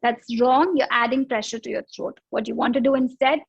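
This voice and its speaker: A woman with a high, light voice leads a yoga breathing lesson, patient and explanatory, using simple analogies. The sound is dry and close, with a slightly dull, lo-fi quality from an online session. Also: fairly even intonation, a little fast, slightly rough, no echo. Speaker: yoga instructor. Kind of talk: guided breathing instruction.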